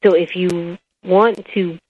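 Low-voiced woman explaining science. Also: slow. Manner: animated storyteller, explains step by step. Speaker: author and biology professor, guest. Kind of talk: explanatory interview talk with anecdotes. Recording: dull lo-fi recording.

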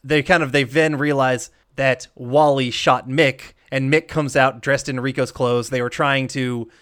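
A man co-hosting a podcast, recapping a film in casual chat, animated, with frequent laughs and rambling asides. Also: mid-range voice, a little slow, smooth. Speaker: podcast co-host.

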